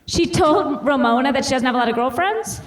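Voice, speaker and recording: A woman's voice: sits high, lively intonation, fairly quick. A woman co-hosting a live comedy podcast on stage, bantering playfully. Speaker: podcast co-host. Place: live stage before an audience.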